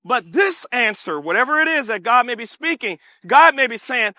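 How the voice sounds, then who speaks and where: High, bright-voiced male preacher. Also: normal speed, few pauses, no room sound, clean studio sound. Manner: animated call-and-response, bursts of shouting. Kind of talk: sermon.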